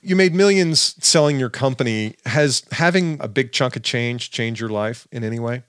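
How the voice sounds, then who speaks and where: Man, podcast host, dry close sound, mid pitch, direct, wry questions. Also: animated, normal speed, a bit bright, clear, resonant tone, no room sound. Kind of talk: interviewer asking probing questions.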